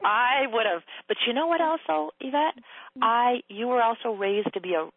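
A woman hosting a frank advice conversation, her voice slightly high and husky. She is blunt, swears freely, and slips into a high, playful voice for the quotes she acts out. The sound is thin and tinny, like a phone line. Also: lively intonation, normal speed, no echo. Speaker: host giving advice. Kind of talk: casual coaching conversation.

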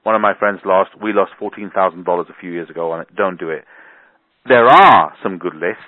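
A man's voice: low voice, brisk, no echo. A man hosting a business conference call, rambling and emphatic, repeating words for stress, heard over a phone line. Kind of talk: casual call talk. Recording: tinny phone line, dry.

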